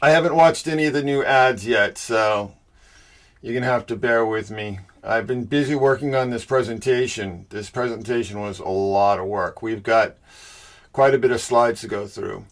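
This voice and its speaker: A middle-aged man with a Boston accent hosts a casual livestream. He warmly and loosely greets viewers by name, with an upbeat, chatty delivery. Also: medium pitch, moderate pace. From Boston area. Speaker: livestream host.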